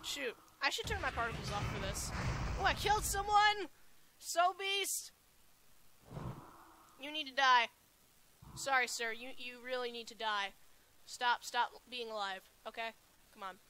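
A woman commentating her own gameplay live, excitably shouting spell names and taunts at opponents. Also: fairly high pitch, normal speed. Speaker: gaming channel host.

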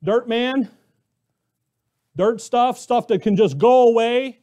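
High-voiced man preaching with rhetorical questions. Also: takes it slowly, warm tone. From Arizona, US. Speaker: pastor. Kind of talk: sermon.

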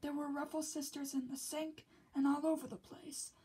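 A woman reading a children's picture book aloud, slipping often into a soft whisper between the characters' lines. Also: high voice, flat delivery, normal speed, low-quality recording.

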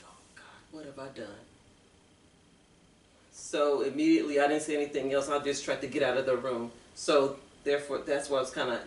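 Earnest woman, echoey and distant. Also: rumbling low. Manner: earnest, halting storytelling with restarts. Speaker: guest author. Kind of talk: personal story in an interview. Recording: echoey room, mic far off.

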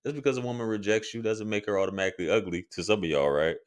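A man's voice: fairly low pitch, racing. A man reacting to a dating show clip, talking in a blunt, slangy, joking way. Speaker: reaction commentator. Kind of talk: casual commentary over a clip.

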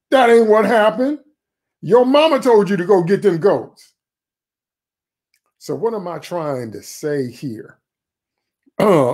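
A man preaching a sermon, retelling a scripture story in a folksy, conversational way and jumping up in pitch when voicing the characters. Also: darkish tone, slightly rough.

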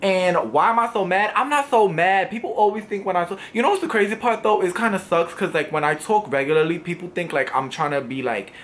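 A man's voice: high-pitched, fairly quick, hardly any pauses, slight background noise. A young man from New York with a New York accent, reading comments to camera in an assertive, sassy way. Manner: assertive, sassy, animated delivery. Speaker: YouTuber.

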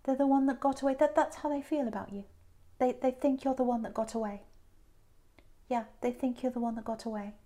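A woman's voice: a little high, a little fast, warm tone. A woman giving a tarot reading who muses aloud, repeats phrases and often restarts. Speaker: tarot reader.

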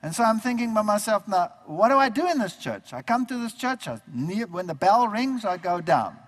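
A man telling his conversion story as a sermon, animated and acting out the dialogue he remembers. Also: high-pitched, moderate pace. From Germany. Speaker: preacher giving his testimony. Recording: long reverb of a large hall.

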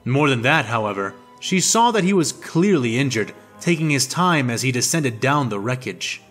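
A man narrating a fan fiction audiobook in a steady, descriptive storytelling manner. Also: mid-range voice, moderate pace, faint music behind.

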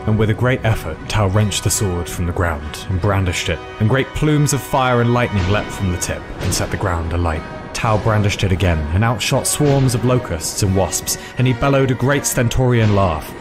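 A man narrating a fairy tale in a measured, dramatic reading. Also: lowish voice, over music. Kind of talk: storytelling narration.

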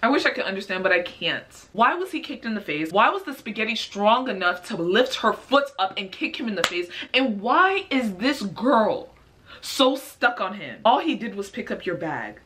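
A woman's voice: mid-range voice, very animated, moderate pace, background noise. A woman hosting a reaction video, commenting in a casual, exasperated way and firing off incredulous questions.

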